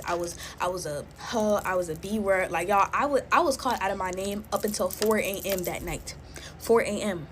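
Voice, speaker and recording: A woman's voice: medium pitch, brisk, background noise. A woman in her twenties chatting casually while making slime, drawling and filling her talk with "like" and "y'all". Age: 20s.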